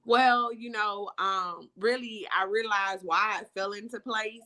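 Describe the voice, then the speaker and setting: A woman speaks with a bright, ringing tone while she tells her faith testimony to a host. She is earnest and heartfelt, and her account wanders through many "you know" asides. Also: mid-range voice, fairly even intonation, a little slow. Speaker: author guest. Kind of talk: emotional faith testimony in conversation.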